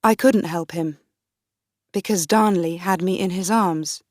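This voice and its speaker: A woman narrating a graded reader for learners in a slow, deliberate, clear reading. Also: on the low side, a little mellow, dry recording, studio quality. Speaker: audiobook narrator.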